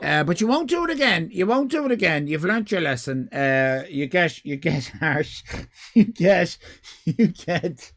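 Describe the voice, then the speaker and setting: High, gravelly man, mock-stern host. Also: expressive, a little slow. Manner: mock-stern, theatrical, bursts into shouting. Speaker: livestream host. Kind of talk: live stream chat, grading viewer drawings.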